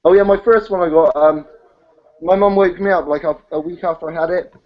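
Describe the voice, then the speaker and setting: A man's voice: fairly high pitch, a little fast. A young man, a band guest answering questions plainly and a little shyly. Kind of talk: casual interview chat. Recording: dull lo-fi call audio.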